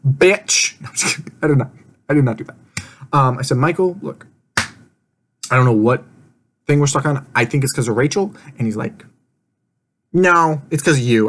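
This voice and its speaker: A man's voice: mid-range voice, fairly quick, long pauses, a bit bright. Rambling, laughing young man. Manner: rambling, laughs often, swears casually, acts out quotes. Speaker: vlogger recapping an online game. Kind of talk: casual rambling recap.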